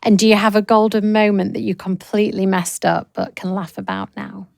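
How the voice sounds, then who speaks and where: A woman hosting a podcast interview, encouraging and quick to laugh. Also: medium pitch, level tone, creaky, no room sound, studio quality. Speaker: podcast host.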